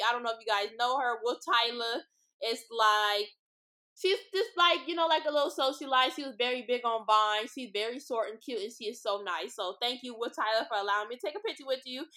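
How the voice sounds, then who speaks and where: A woman's voice: fairly high pitch, sharp tone. A young woman from Los Angeles hosting a podcast, telling stories in a blunt, profane, chatty way, full of "like" and "y'all.". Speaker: podcast host. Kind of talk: casual storytelling monologue. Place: street-side spot with passing cars.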